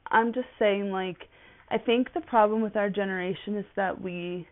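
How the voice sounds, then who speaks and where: A woman's voice: medium pitch, fairly even intonation, moderate pace. A woman in her twenties, a podcast host, chatting casually and rambling with lots of fillers. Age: 20s. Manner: rambling, chatty, with many fillers and frequent laughs. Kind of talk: casual solo podcast chat. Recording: tinny phone-like audio.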